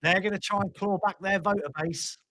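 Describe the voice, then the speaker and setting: Bright-voiced British man ranting on a live stream. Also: sits high, fairly even intonation, brisk, no room sound, low-quality recording. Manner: ranting, swears freely, with restarts and laughs. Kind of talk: casual political commentary.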